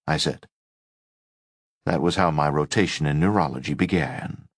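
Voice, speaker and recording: A man reading a first-person memoir as an audiobook in a measured, wry way. His voice is low and moves widely in pitch. The recording is dry and close. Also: expressive, no room sound. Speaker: audiobook narrator.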